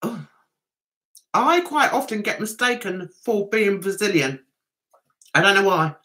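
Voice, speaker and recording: Livestream host, middle-aged woman, Mancunian accent, bright and bubbly tone, reads chat comments between giggles. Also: mid-range voice, lively intonation, unhurried. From Manchester, England. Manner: chatty, giggly, reads viewer comments aloud.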